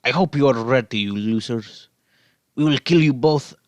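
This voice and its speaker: A man's voice: medium pitch, normal speed, no room sound, lightly acted. A man voicing a menacing, boastful male villain with a put-on Russian-style accent. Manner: snarling threats, mock Russian accent.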